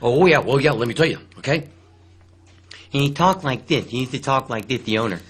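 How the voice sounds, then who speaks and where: An older man, a musician appearing as a radio guest, telling stories in an animated, emphatic way. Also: mid-range voice, brisk, slight background noise. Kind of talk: casual radio interview storytelling.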